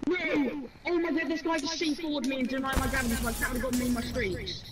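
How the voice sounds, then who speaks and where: A man's voice: very high-pitched, steady tone, fast talker, heavy background noise. A young man giving casual gameplay commentary, easily annoyed and rambling as he plays. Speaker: gaming YouTuber.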